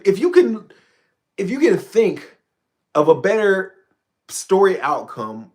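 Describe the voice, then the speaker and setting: Guy hosting his stream, kinda high voice, swearing a lot and tripping over his words. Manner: profane, rambling, stammering restarts. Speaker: channel host. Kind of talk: casual livestream rant.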